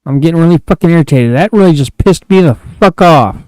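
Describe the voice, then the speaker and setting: This time the streamer sounds fairly high-pitched and expressive, talking quickly with a darkish tone in a dry, rough recording. He's frustrated and profane, muttering to himself through casual commentary on the flight game.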